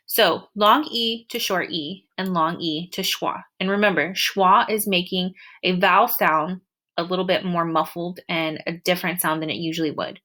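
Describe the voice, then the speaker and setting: A young woman teacher walking through a screen-recorded lesson, patiently explaining and drawing out example words slowly. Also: lowish voice, sharp tone.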